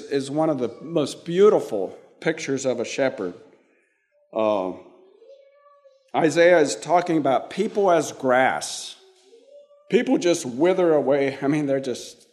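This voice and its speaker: Slow, halting older male preacher. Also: medium pitch, darkish tone. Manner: slow, halting delivery with many restarts and fillers. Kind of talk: sermon.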